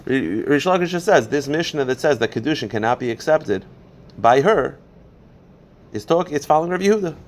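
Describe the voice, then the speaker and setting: Rabbi teaching a Talmud class. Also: male voice, a little high, animated. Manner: explains step by step, poses and answers questions; reads Aramaic passages quickly, then translates.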